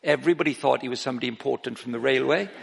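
A middle-aged man preaching an informal sermon, breaking off and restarting his sentences and growing animated as he tells stories. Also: medium pitch, racing, gravelly, slight background noise. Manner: informal, self-interrupting, grows animated while telling stories. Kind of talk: sermon with anecdotes. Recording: long reverb of a large hall.

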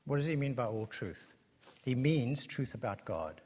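A man's voice: medium pitch, animated, moderate pace, a little mellow, slightly rough. A man preaching an earnest expository sermon, building his points through emphatic repetition. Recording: long reverb of a large hall.

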